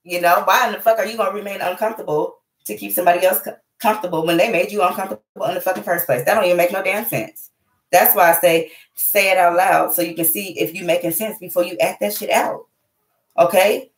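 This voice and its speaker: A woman hosting her own channel, giving blunt, profane life advice in a casual, animated livestream. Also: lowish voice, fast talker. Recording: echoey room.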